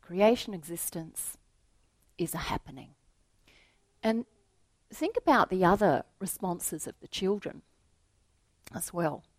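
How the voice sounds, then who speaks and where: A woman giving a reflective spiritual talk, telling a story to make her point in a gentle voice that often drops to a soft hush. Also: lowish voice, lively intonation, slow, pauses often, no room sound. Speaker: spiritual teacher.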